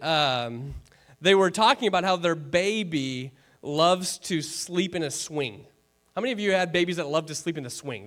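A pastor giving an earnest, conversational sermon, repeating key phrases and turning to the congregation with casual asides. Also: male voice, on the high side, a bit bright.

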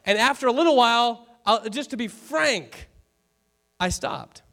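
A man with a notably high voice preaching to his congregation. He talks in an earnest, chatty way, repeats his main points for weight, and checks in with the listeners as he goes. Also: lively intonation, unhurried, pushed and bright. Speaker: pastor. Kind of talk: conversational sermon.

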